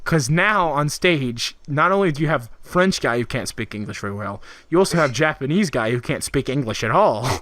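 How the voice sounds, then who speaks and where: A man's voice: mid-range voice, animated, moderate pace, hardly any pauses, fairly bright tone, no echo. A man co-hosting a casual video game podcast, rambling with lots of laughs and filler words. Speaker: podcast co-host. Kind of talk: casual chat about video games.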